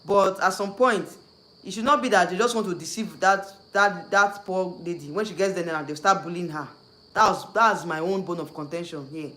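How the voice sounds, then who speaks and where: A YouTube host with a Nigerian accent runs a casual livestream, his voice sitting high with a sharp tone at a moderate pace. He rambles and repeats himself, drifting in and out of Nigerian Pidgin.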